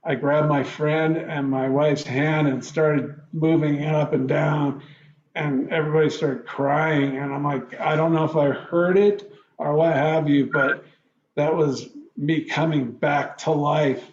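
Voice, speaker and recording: A man telling his own story in an interview, halting often and acting out his past reactions in quoted lines. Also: on the high side, fairly even intonation, a little mellow, echoey room, lo-fi sound, a little hiss or hum.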